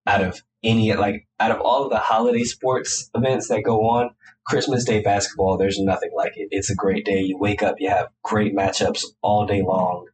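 Deep-voiced congested man hosting a podcast. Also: flat delivery, brisk, background noise. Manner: casual, opinionated, rambling. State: congested, nasal. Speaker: podcast host. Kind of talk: solo sports podcast talk.

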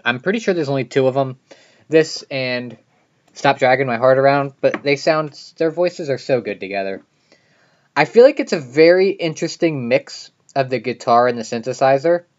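A podcast host talks through an album in a loose, casual monologue. The speech is full of "like" and half-finished restarts. The recording sounds slightly muffled and lo-fi. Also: mid-range voice. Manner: chatty, many "like" fillers and restarts.

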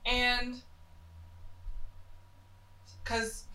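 A woman's voice: on the high side, monotone, drawn-out words, sharp tone, roomy sound, slight background noise, low-quality recording. A young woman from North Carolina co-hosting a casual talk show, rambling and chatty with lots of fillers, her voice nasal from a cold. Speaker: podcast co-host. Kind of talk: casual opinionated chat.

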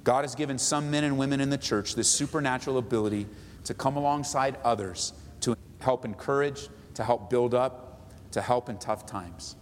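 A man, a pastor, preaching an animated, emphatic sermon in a church hall. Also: medium pitch, normal speed. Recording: echoey hall, faint noise.

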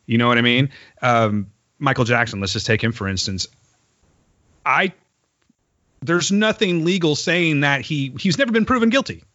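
A man tells a story in casual podcast chat, and he is animated, profane and quick to laugh. His voice sits in a middle register. The room sounds dry and the recording is slightly dull. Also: mid-range voice, no room sound.

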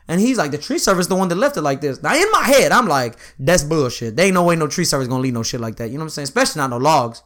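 This young man's voice sits a little high, and he talks very fast as he spins a long work story in casual conversation. Animated and swearing freely, he performs the dialogue and peppers it with "you know what I'm saying."

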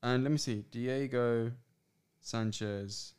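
A man co-hosting a podcast in casual chat, quick and joking, reading listener questions aloud. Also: medium pitch, steady tone, darkish tone, clear, resonant tone. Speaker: podcast co-host.

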